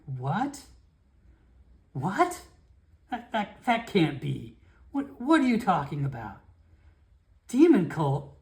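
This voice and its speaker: A narrator voicing a flustered, excitable male town guard captain who stammers and repeats himself. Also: mid-range voice, takes it slowly, pitched above the performer's own voice. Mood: alarmed. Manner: stammering, repeats words in alarm.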